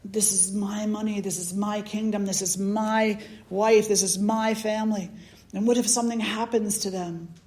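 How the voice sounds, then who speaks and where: A woman's voice: medium pitch, steady tone, normal speed, darkish tone, close to an everyday voice. A woman voicing an anxious, impatient king as part of a story she tells during a spiritual teaching. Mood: worried.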